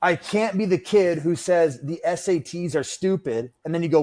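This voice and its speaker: Man, slightly high voice, casual podcast talk, rambling, self-deprecating, swears freely. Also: normal speed, darkish tone. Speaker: podcast guest, gear maker. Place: room with adjustable lights.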